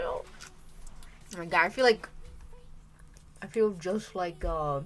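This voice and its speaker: A woman's voice: fairly low pitch, expressive, takes it slowly, pauses often. A young woman chatting casually on her art stream, rambling and stopping herself mid-sentence, often laughing. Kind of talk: casual live-stream chat. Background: soft background music.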